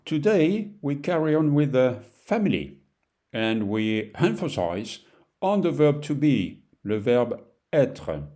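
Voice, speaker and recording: A man with a French accent, a native French speaker teaching a beginner language lesson, talking slowly and repeating each word with fillers like "you know". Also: mid-range voice, sing-song, warm tone. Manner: slow, repetitive, with fillers and "you know", pausing to repeat words.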